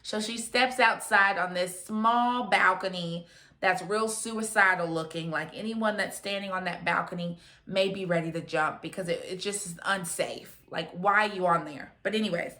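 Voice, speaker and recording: A woman's voice: lowish voice, moderate pace, sharp tone. A young woman giving a chatty, opinionated recap of a reality show, quoting the people on it in her own voice. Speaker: recap vlogger.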